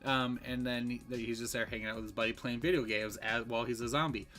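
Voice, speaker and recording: A man's voice: medium pitch, steady tone, fast, sharp tone, soft background music. A man giving a casual, rambling movie review, full of fillers and restarts.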